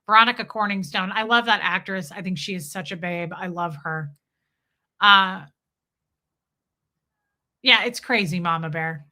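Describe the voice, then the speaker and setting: Bright-voiced woman chatting on a livestream. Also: mid-range voice, unhurried, pauses often. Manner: chatty, reads chat aloud, giggly. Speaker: livestream host. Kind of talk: casual livestream chat.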